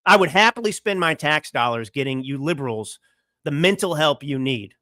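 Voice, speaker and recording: A young man hosts his own political commentary show, firing off indignant rhetorical questions in a combative rant. His voice is bright and forceful and sits a little high. The sound is dry and close, with no room around it. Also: lively intonation, moderate pace, dry recording. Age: young adult. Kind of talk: fiery political commentary monologue. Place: California home studio.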